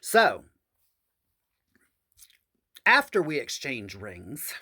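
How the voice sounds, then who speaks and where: A man's voice: huge pitch swings, extremely slow, bright, forceful tone, breathy edge. A man telling a story from his own past in a casual, profane monologue, calling his viewers honey and y'all. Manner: jumps high in pitch for emphasis.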